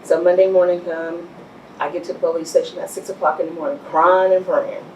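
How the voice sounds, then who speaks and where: Low-voiced woman telling her story. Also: fairly quick, slight background noise. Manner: animated storyteller, laughs often, acts out quotes. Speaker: business owner guest. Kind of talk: storytelling interview. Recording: echoey room, mic far off.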